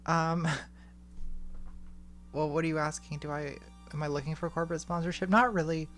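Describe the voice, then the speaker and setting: A woman answering patron questions on a casual live stream in a candid, offhand way, reading questions aloud, speaking into a boom mic at home. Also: steady tone, normal speed, faint music behind. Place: home room with smart lighting.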